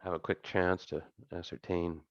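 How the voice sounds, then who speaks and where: A man narrating as game master of an online tabletop game, relaxed and rambling with many fillers. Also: low voice, normal speed, muffled recording, slight background noise.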